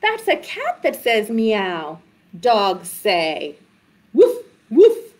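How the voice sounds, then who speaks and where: A woman voicing a firm mother dog in a children's storytime, scolding her pup gently and insistently. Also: a little high, wildly swooping pitch, drawn-out words, exaggerated voice.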